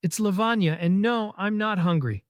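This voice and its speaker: A man's voice: sits high, moderate pace, smooth, no echo, pitched above the performer's own voice, natural voice. A man voicing a stubborn young woman who works in an office, speaking in an insistent, plain way.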